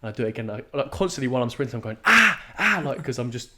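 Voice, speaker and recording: A young man, telling a race story in casual podcast chat, swearing freely and acting out his own shouts. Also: medium pitch, steady tone, racing, heavy background noise. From England. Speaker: podcast co-host. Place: podcast studio.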